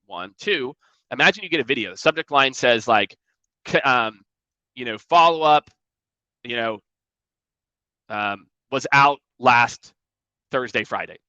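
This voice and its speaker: A man giving energetic sales coaching in a conversational way, often acting out emails and calls in mocking voices. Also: mid-range voice, unhurried, pauses often, dry recording, highs cut off. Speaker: sales trainer.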